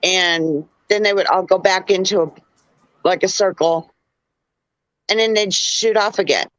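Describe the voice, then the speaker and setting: A woman guest telling a story in a halting way, searching for words. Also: medium pitch, fairly bright tone, no room sound, dull audio. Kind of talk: casual storytelling.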